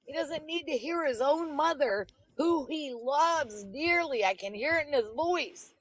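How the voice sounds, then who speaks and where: High-voiced woman scolding on a live stream. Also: lively intonation, a little slow, low-quality recording. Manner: scolding, insistent, repetitive. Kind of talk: confrontational live-stream call-out.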